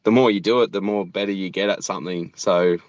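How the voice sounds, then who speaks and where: A man's voice: low voice, fairly even intonation, fast, dry recording, lo-fi sound. A man in his thirties with an Australian accent, chatting casually as an interview guest, laid-back and swearing freely. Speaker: animator and show creator, guest.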